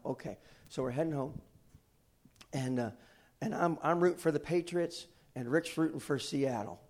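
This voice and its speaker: A man's voice: on the high side, normal speed. A middle-aged man preaching a sermon, telling a story and then urging his congregation on. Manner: animated storyteller, rising to exhortation. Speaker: pastor.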